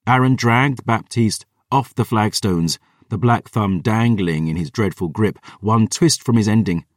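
A man narrating a first-person fantasy audiobook with dramatic intensity. His voice sits on the low side. The recording is dry, with the mic a little distant. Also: measured pace, no echo.

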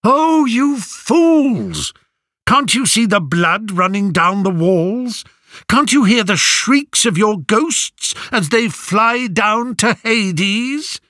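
A man's voice: high voice, animated, takes it slowly, sharp tone, no echo, studio quality, voice pushed up, full character voice. A man voicing a frenzied male seer in a storybook, crying out prophecies of doom. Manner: wailing, prophetic.

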